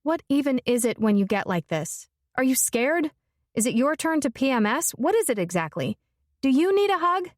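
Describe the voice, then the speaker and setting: A woman's voice: a little high, lively intonation, moderate pace, few pauses, a little mellow, no room sound, clean studio sound, natural voice. A woman narrator voicing a blunt, fiery young woman, speaking emphatically and forthrightly.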